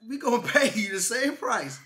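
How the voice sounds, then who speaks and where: A man co-hosting a couple's vlog, telling a funny travel story in a casual, animated way and acting out what people said. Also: very high-pitched, normal speed. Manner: animated, laughing, imitates others in quotes. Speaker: vlog co-host.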